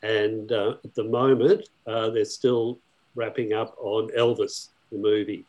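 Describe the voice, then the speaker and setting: A man's voice: fairly low pitch, flat delivery, a little slow, darkish tone, highs cut off. A man from Australia with an Australian accent, a filmmaker guest telling stories in a casual interview.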